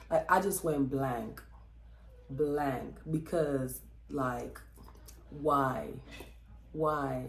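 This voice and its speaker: A woman vlogger telling a personal story in a chatty, expressive way, with lots of fillers and acted-out quotes. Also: extremely low pitch, slow, roomy sound. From Texas. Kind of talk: casual storytelling vlog.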